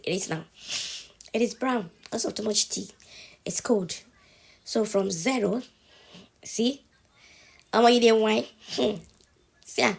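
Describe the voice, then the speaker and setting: A woman with a cold, her voice on the high side and gravelly with a slight roughness, hosts a casual at-home phone tutorial for TikTok. She goes step by step, chatting and checking in with the viewer each time.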